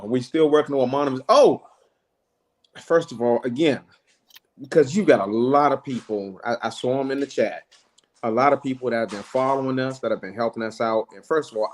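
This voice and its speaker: A man, a guest on a livestream panel, chatting casually and gratefully, with a lingering cough. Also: mid-range voice. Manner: animated, exclaiming, grateful. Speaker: panel guest, channel owner. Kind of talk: casual chat.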